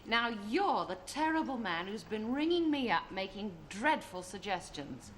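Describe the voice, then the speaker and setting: A woman's voice: medium pitch, sing-song, normal speed, crowd noise. A woman playing a teasing guest in a scripted comedy sketch. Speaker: guest star. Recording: noisy 1970 TV studio broadcast.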